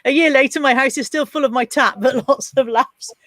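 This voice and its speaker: A woman's voice: high voice, brisk, a bit bright, no echo. A woman with a Bristolian accent chatting casually on a live stream, laughing often and reading out viewer comments. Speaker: co-host.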